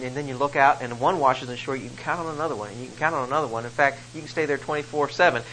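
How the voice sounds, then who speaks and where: A man's voice: fairly high pitch, a bit bright, slight background noise, poor audio. A man preaching a sermon, reading scripture and explaining it with rising emphasis on key phrases. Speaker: pastor.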